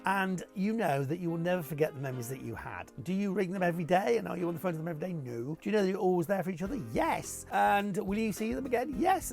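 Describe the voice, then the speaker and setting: A man's voice: high voice, gravelly, a little mellow. A man chatting casually to camera, answering viewer questions in a rambling, playful way.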